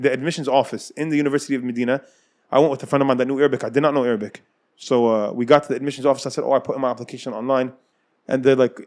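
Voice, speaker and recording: An American man casually telling his own life story, acting out the people in it and often laughing. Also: mid-range voice. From United States. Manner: animated, acts out dialogue, laughs often.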